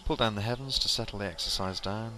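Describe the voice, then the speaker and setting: A man leading a qigong exercise class, calmly cueing each movement and breath step by step. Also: on the low side, fast talker, slight background noise. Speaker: qigong instructor. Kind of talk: guided exercise instruction.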